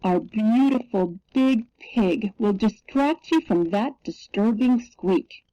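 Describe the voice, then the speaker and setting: Patient storybook mother, read by a woman, gentle, dry and close. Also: mid-range voice, expressive, slow, dry recording. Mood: soothing. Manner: soothing, patient. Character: gentle soothing mother, calm and reassuring. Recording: dull lo-fi recording.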